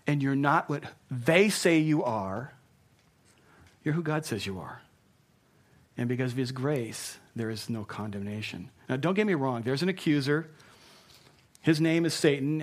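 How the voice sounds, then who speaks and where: A man's voice: fairly high pitch, unhurried, pauses often. Earnest male pastor preaching. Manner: earnest and emphatic, dropping soft for tender points. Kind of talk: sermon.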